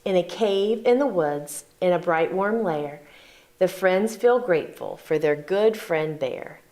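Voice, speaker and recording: A woman volunteer reading a picture book aloud to children, expressive, and inviting them to join in. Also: lowish voice, measured pace.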